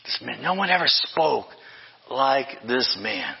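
Older male pastor, emphatic sermon delivery with refrains; husky tone, muffled hall recording. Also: mid-range voice, sing-song, unhurried. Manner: emphatic, with repeated refrains and self-corrections.

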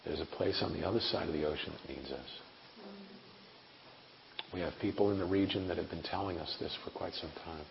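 A man's voice: low-pitched, fairly quick, creaky, long pauses. A man in his forties preaching a sermon in an earnest, conversational way with wry asides. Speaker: preacher and missionary. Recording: echoey hall, dull lo-fi sound, faint hiss.

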